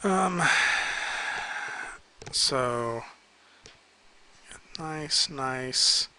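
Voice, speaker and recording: A man with a medium-pitched voice speaks very slowly, giving casual feedback on pose drawings as he sketches. He's relaxed but hesitant, with many ums and likes, and the audio is poor with slight background noise.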